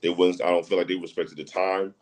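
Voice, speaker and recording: A man's voice: sits low, steady tone, fairly quick, a little mellow, a little hiss or hum, low-quality recording. A man talking as a podcast guest in casual chat, emphatic and repetitive, often asking if you get what he's saying. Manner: emphatic, repeats phrases, often asks "you know what I'm saying".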